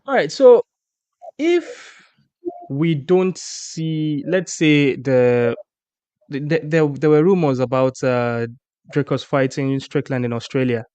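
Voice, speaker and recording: A man hosting a casual sports chat, animated and rambling, often restarting his sentences. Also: on the high side, slow, smooth, no echo. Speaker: podcast host.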